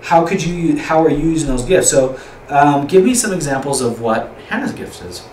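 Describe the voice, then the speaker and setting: This is informal youth group teaching from a young male leader whose voice is fairly high, expressive, and darkish, at normal speed. Chatty and rambling, he repeats words and quizzes the group, captured by a distant mic with an echoing room and faint noise.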